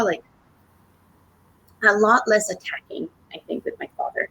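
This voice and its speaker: A woman's voice: lowish voice, normal speed, pauses often, bright, forceful tone. A young woman telling a personal story on a podcast, rambling with many fillers and restarts and casual swearing. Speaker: podcast co-host.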